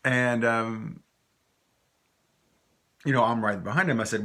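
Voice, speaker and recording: Deep husky man teaching. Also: a little slow, long pauses, bright, forceful tone. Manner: rambling anecdotal storyteller, mixing French and English. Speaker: French teacher. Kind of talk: recorded language lesson.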